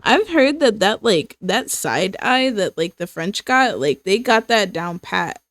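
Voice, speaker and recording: Slow, rambling young woman streamer. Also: mid-range voice, very animated, a bit bright, no room sound, studio quality. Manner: rambling, filler-heavy, breaks into laughter. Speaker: streamer and illustrator. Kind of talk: casual chat while drawing.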